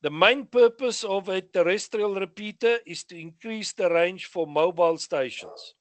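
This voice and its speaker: For exam revision, a man speaking at a moderate pace in a high voice reads radio exam questions and answers them, adding short asides. He has a South African accent, and the audio has no echo.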